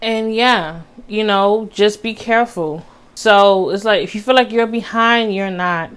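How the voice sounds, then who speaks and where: A young adult woman with a medium-pitched, clear, resonant voice, a little bright, speaks unhurriedly in a heartfelt personal vlog. She earnestly encourages her viewers, calling them "baby" and using casual Southern US slang like "y'all."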